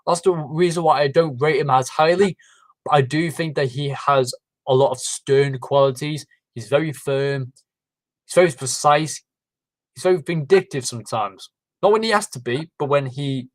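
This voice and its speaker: A man's voice: on the high side, no room sound, poor audio. A man hosting a casual livestream, rambling with many fillers and restarts. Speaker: livestream host. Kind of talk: casual chat.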